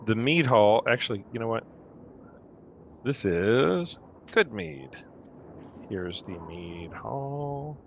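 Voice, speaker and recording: A young man narrating as game master, animated and playful as he sets the scene. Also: medium pitch, slow pace, creaky, long pauses, a little hiss or hum.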